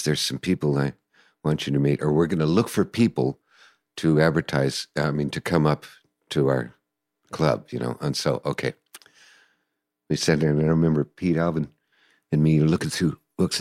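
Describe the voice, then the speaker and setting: An older man telling stories in a casual interview, animated and acting out voices and sounds. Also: extremely low pitch, no room sound, clean studio sound. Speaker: guest musician recalling the past.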